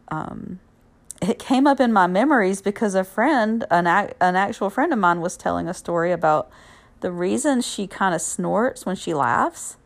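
A woman podcast host reading aloud from a self-help book and reflecting on it, earnest and unhurried, with the odd um and restart. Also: lowish voice, vocal fry.

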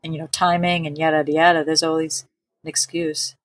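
A woman's voice: sits low, little pitch movement, fairly quick, slight background noise. A woman co-hosting a podcast in casual chat, offhand and wry. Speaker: podcast co-host.

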